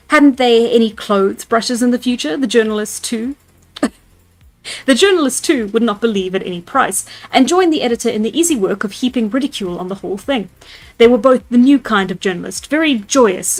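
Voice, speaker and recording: Brisk and a little high, with lively intonation, a woman streams herself reading a classic novel aloud. The storyteller laughs at the voices she gives characters, and soft music runs in the background.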